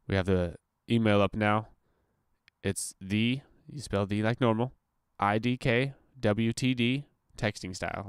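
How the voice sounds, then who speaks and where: A man's voice: medium pitch, smooth, no room sound, studio quality. Crude, rambling young podcast guy. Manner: crude, profane and self-mocking, laughing at own jokes. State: high while recording. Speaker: solo podcast host. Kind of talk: rambling solo podcast monologue. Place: home, sitting on the floor. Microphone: computer mic.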